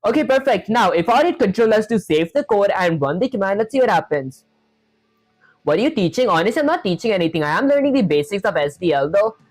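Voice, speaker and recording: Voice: medium pitch, big pitch swings, fast talker, no room sound, poor audio. A streamer learning to code live, talking through every step aloud and often saying "honestly" and "that said". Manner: talks through each step, leans on "honestly" and "that said". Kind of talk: live coding stream, reading chat aloud.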